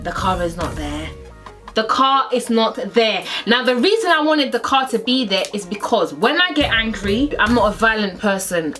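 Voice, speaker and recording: A young woman tells a story from her own life in a relaxed vlog style, and she acts out every quoted line with dramatic jumps in pitch. Her voice sits a little high. Soft music plays faintly underneath. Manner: animated, acts out quotes with big pitch swings. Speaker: storyteller vlogger. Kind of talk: casual story time.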